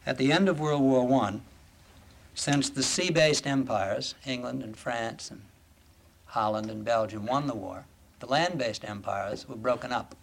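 A man lecturing an audience in a deliberate, emphatic way, often asking rhetorical questions. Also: mid-range voice, gravelly. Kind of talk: formal lecture.

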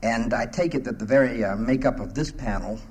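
A man from South Carolina gives a formal conference address on a panel, measured and wry, pausing often. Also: mid-range voice, a little mellow, a little hiss or hum, poor audio. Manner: measured and wry, with many hesitant pauses. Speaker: panel speaker.

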